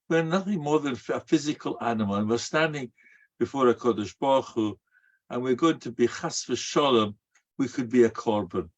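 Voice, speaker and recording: Rabbi preaching on a dull recording. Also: male voice, medium pitch. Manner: storytelling, asks and answers his own rhetorical questions; sprinkles Hebrew and Yiddish terms. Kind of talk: sermon to a live audience.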